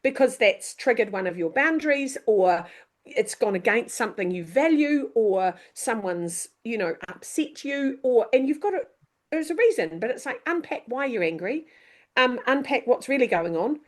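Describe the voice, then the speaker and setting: A middle-aged woman, a coach and author chatting as a podcast guest, animated and quick to act out what people say. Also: on the high side. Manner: lively, animated, acts out quoted voices, mild swearing. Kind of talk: casual podcast chat.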